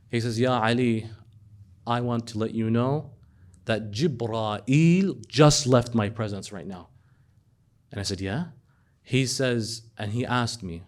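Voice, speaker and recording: Animated male preacher with a lively delivery. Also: mid-range voice, moderate pace. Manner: animated, swings between loud emphatic questions and hushed storytelling. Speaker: speaker at a religious gathering. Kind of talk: sermon.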